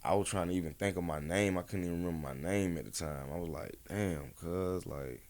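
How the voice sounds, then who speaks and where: Deep dude rambling thru a story on a podcast, slangy and laid back, lots of you know what im sayin. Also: male voice, quick pace, darkish tone. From Atlanta, USA. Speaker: rapper guest. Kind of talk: casual podcast interview storytelling.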